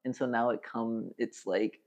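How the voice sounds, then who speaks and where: A young man in his twenties chats loosely as a podcast guest, his voice gravelly with fry. He rambles through fillers and laughs easily, heard on slightly dull, lo-fi audio. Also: mid-range voice, steady tone, measured pace, a little mellow. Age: 20s. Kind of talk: casual podcast chat.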